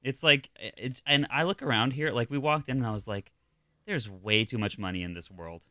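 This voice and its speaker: A man's voice: medium pitch, moderate pace, bright, forceful tone, no echo, clean studio sound. A man co-hosting a podcast, chatting casually and laughing often, with self-deprecating humor. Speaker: podcast co-host. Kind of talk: casual chat.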